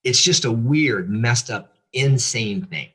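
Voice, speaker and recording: A man who is a pastor gives an earnest, confessional personal testimony as a guest, halting now and then with fillers. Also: medium pitch, lively intonation, a bit bright, breathy edge.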